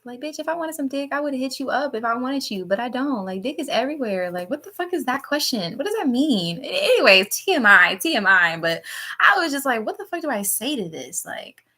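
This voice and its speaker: A woman's voice: animated, normal speed, bright, forceful tone. A young woman doing a casual, profane tarot reading live stream, laughing often and talking to her chat. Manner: jumps between topics with sudden high-pitched bursts.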